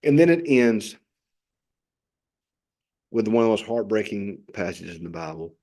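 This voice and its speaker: A man's voice: on the low side, animated, moderate pace, darkish tone. A male pastor gives an earnest, impassioned devotional reflection on scripture and often repeats phrases for emphasis.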